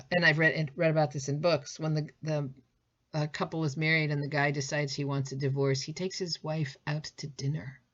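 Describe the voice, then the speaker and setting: A woman's voice: deep voice, dull audio. A woman teacher giving a recorded lesson in a conversational way, thinking aloud with fillers and restarts.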